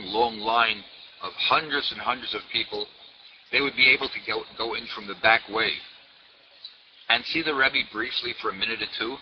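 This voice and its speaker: A man in his sixties, a rabbi, telling a story in a sermon, repeating words for emphasis. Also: mid-range voice. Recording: dull lo-fi recording with faint noise.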